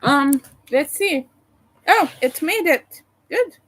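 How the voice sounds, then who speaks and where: A woman's voice: high-pitched, animated, slow, fairly bright tone, rough recording. A sleepy woman on a casual livestream from home, rambling and apologizing as she thinks aloud. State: sleepy, yawning.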